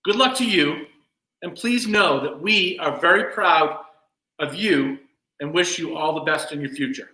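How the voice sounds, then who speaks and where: A man serving as master of ceremonies, giving earnest, measured formal closing remarks at a virtual event. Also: a little high, bright, forceful tone, roomy sound, low-quality recording. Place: home room, virtual event.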